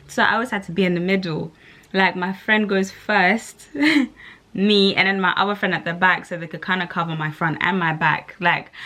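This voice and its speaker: A woman's voice: lowish voice, sharp tone. A young woman, talking candidly to camera in a casual, rambling way, full of "like". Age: young adult. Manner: candid, rambling, lots of "like" fillers. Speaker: vlogger.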